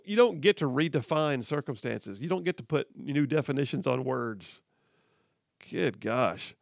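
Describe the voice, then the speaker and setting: Sarcastic talk radio man, gravelly. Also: medium pitch, animated, measured pace, dry recording, clean studio sound. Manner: sarcastic, laughs often, reads headlines aloud. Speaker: radio talk show host. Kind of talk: political talk radio commentary.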